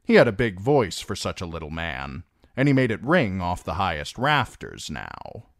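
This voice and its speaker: A man reading a novel chapter aloud as narrator, slow and expressive. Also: low voice, no room sound, clean studio sound. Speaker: audiobook reader. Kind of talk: storybook narration.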